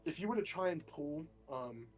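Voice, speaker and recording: A man running a horror tabletop session as game master over a voice call. He narrates loosely in a mid-range voice, with plenty of "um" and "like", and soft music plays behind him. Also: a little high, animated, normal speed. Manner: casual, loose, many fillers.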